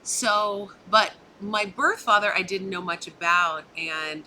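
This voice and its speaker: A woman guest in an interview, telling a personal story in an earnest, animated way. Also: mid-range voice, slow pace, a little hiss or hum, low-quality recording.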